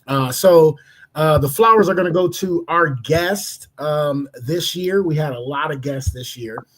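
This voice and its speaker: A man from Cleveland co-hosting a podcast, telling a story in a casual, animated way and acting out the voices in it. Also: fairly high pitch, unhurried. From Cleveland, Ohio. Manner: animated, laughing, acts out voices in his stories. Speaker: podcast co-host.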